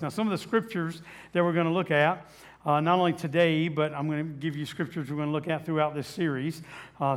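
A man preaching a sermon as pastor, in a conversational way with many fillers and restarts, asking the audience questions. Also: a little high.

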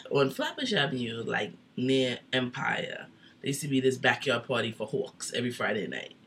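A man's voice: mid-range voice, big pitch swings, moderate pace, fairly bright tone, slight background noise. A man co-hosting a casual podcast chat, an easygoing storyteller who leans on fillers. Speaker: podcast co-host.

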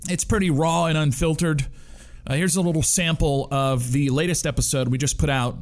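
A man's voice: fairly high pitch, fairly even intonation, moderate pace. A man in his thirties hosting a casual radio talk show, joking and swearing freely.

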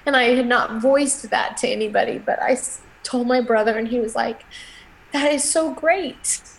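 A middle-aged woman, a guest in an interview, telling a personal story in a halting, emotional way with many restarts. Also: on the high side, steady tone, vocal fry, poor audio.

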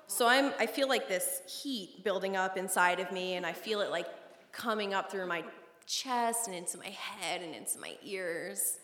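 A woman telling a comic personal story live, animated and swinging between hushed and loud. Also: on the low side. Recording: roomy hall with background noise.

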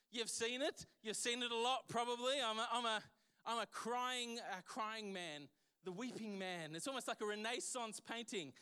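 A man's voice: extremely high pitch, sharp tone, clean tone. A man preaching a sermon as pastor, emphatic and full of restarts and repeated words.

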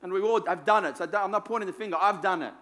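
A man's voice: sits high, racing, a bit bright. A man preaching a sermon in a conversational, self-deprecating way, repeating phrases for emphasis. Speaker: pastor.

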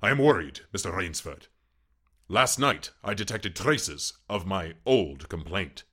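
A man's voice: low-pitched, lively intonation, a little slow, bright, forceful tone, slightly rough, heavily acted. A man voicing a suave, menacing aristocratic Cossack general in an audiobook reading, with a courtly, mocking manner.

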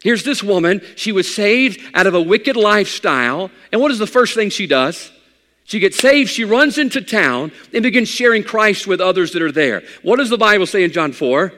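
A pastor preaching a sermon in a conversational, folksy way with bits of humor. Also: male voice, sits high, lively intonation, moderate pace, sharp tone, in a large hall.

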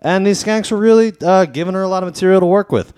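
A man's voice: sits high, fast talker, a little mellow, clean tone. A man hosting a podcast, telling a story in casual chat, swearing and acting out the quotes. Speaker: podcast host.

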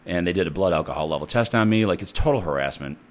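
A man's voice: low-pitched, expressive, quick pace. A man who works as a nurse, telling a story in a casual, blunt and profane way.

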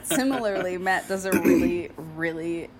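Low-voiced woman podcast host. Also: moderate pace, slight background noise. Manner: easygoing, laughs often. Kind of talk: casual chat.

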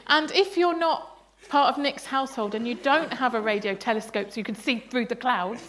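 A woman leads a bible study at a church service, speaking in a slightly high, light voice. She is playful and chatty, quizzing children and parents and laughing between points. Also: normal speed, a bit bright. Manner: playful, laughing, asks the congregation questions. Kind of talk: interactive family sermon.

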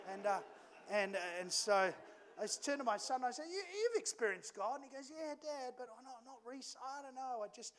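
A middle-aged man preaching a sermon in a church, telling a family story with lively acted-out dialogue. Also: sits high. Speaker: pastor.

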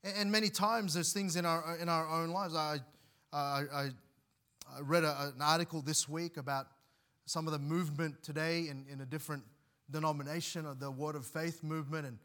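A man's voice: a little high, sharp tone. A man preaching a sermon as pastor, earnest, often restarting and repeating words as he explains scripture.

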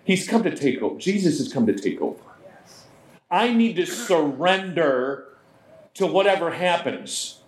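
A man preaching a sermon as pastor, in a conversational, animated way, often slipping into voices. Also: on the high side, unhurried, pauses often. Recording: roomy echo.

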